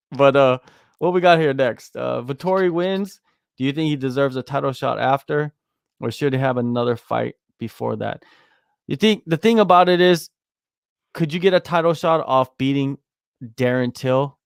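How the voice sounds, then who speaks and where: A man co-hosting a sports podcast in casual chat, talking in an animated, emphatic way and restarting his sentences. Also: mid-range voice, vocal fry, clear, resonant tone, no echo, clean studio sound. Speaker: podcast co-host.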